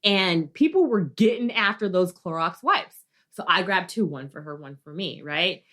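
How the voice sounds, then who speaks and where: A woman co-hosting a casual podcast, telling stories in an animated way and swearing freely. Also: on the low side, normal speed. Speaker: podcast co-host. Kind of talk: casual chat.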